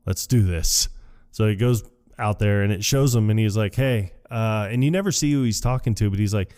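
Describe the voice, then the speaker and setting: A man co-hosting a podcast, casually retelling movie scenes in a rambling way with quick laughs. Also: fairly low pitch, darkish tone, clear, resonant tone. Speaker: podcast co-host. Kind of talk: casual movie recap chat.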